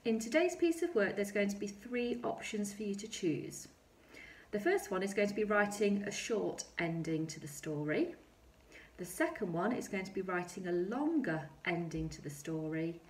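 A woman teaching a recorded lesson to young children, speaking slowly and clearly, reading her examples aloud with drama. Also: medium pitch, expressive. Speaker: primary school teacher. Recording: echoey room.

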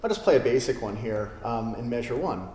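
A man giving a relaxed classical guitar lesson, with many fillers as he talks. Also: mid-range voice, a little fast. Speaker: guitar teacher. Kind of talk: video lesson. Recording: roomy studio with long reverb. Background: classical guitar playing.

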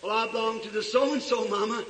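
A man's voice: high voice, fairly even intonation, brisk, a bit bright. A man voicing a confused young eaglet who was raised among chickens. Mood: wondering. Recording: echoey hall recorded from far off.

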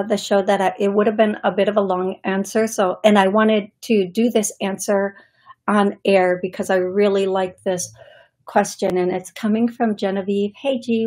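A woman hosting a live call-in psychic medium show, speaking in a halting, thinking-aloud way with frequent laughs. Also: mid-range voice, darkish tone. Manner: laughs often between remarks.

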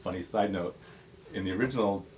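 A man's voice: low-pitched, a little fast. A man, the author, reading his picture book to children in a bookstore and joking with them. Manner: playful, joking with kids. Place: bookstore, indoors. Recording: distant mic, noisy bookstore.

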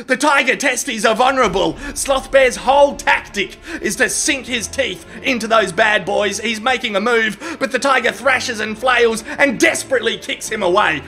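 A man's voice: high voice, pushed and bright. A man narrating an animal fight as crude, gleeful mock sports commentary. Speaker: comedic narrator.

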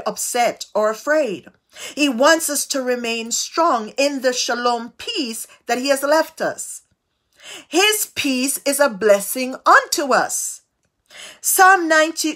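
A woman preaching a devotional sermon, tossing out call-and-response asides with sudden swings of pitch and loudness. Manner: slow, drawn-out delivery.

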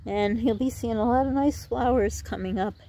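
A woman's voice: fairly high pitch, moderate pace, warm tone. A middle-aged woman chatting in a rambling way while gardening outdoors for her vlog, out of breath. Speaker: vlogger.

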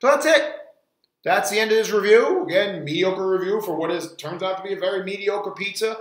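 Rambling high-voiced man in an echoey room. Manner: rambling, halting, restarts often. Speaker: frozen pizza reviewer. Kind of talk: casual review vlog. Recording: roomy echo.

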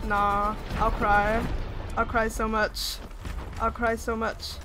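A woman's voice: fairly high pitch, level tone, slow, noisy background. A young woman streaming a game live, shrieking, pleading and swearing as she plays, with bursts of laughter. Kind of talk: live gameplay commentary. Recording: game music behind the voice. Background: game music and sound effects.

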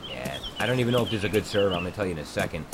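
Racing through his words in a low-pitched voice, the young man streams a game at home and unloads profane, mocking rants in crude slang. Steady background noise sits under his noise-cancelling headset mic.

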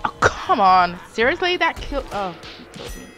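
A young woman commentating her live game stream, muttering quietly and then yelling at teammates. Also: medium pitch, sing-song, normal speed. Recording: game music behind voice.

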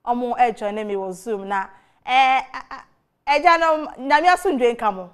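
A woman's voice: a little high, moderate pace, clear, resonant tone. A Ghanaian woman hosting a TV talk show, asking questions with frequent hesitant fillers. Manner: mixes Twi and English, many fillers while asking. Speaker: TV host.

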